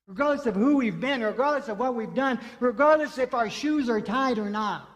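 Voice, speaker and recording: A man preaching a sermon as pastor, telling a story and repeating phrases for emphasis. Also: very high voice. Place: church sanctuary. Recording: long hall reverb.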